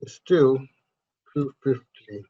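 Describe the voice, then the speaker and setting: Explaining charts casually at a drawing board, this crypto investment channel host rambles, repeats himself and frequently corrects himself. He takes it slowly in an animated, slightly rough mid-range voice, with muffled lo-fi sound.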